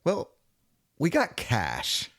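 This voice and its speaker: Deadpan man hosting a podcast, lively pitch. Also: very slow, slightly rough. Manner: deadpan, joking. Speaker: podcast co-host. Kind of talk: comedic podcast chat.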